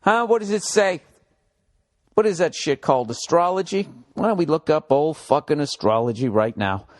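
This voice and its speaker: A man's voice: on the high side, expressive, moderate pace. A man hosting his own podcast, ranting alone in a loose, sarcastic way with plenty of swearing. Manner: profane, rambling, sarcastic rants. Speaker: podcast host. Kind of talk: casual solo podcast monologue.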